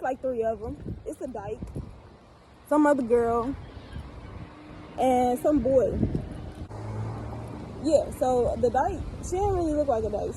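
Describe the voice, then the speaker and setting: A young woman from the Midwest with a high, light voice recounts a story for her channel. She talks bluntly and casually, swearing often and padding her sentences with fillers. A faint hum of background noise sits under her voice. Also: mellow, low-quality recording. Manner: blunt, profane, laid-back storytelling with many fillers. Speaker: vlogger.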